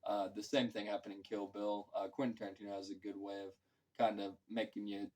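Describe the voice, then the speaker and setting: A man's voice: lowish voice, flat delivery, a little fast, a little mellow, poor audio. A man giving a casual, rambling film review, full of fillers and loose, profane talk. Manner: filler-heavy, loose and profane, acts out quotes. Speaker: movie reviewer.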